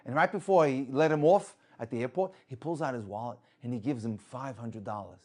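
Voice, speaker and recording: A man telling an inspirational religious story with lively delivery, acting out the people in it. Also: medium pitch, a little fast. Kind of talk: inspirational story told to an audience.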